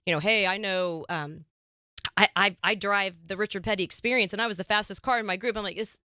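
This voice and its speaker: Bright, animated woman hosting a chat. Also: mid-range voice, a little fast, no room sound, studio quality. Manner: animated storyteller, laughs often, acts out quotes. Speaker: podcast host. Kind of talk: casual interview chat.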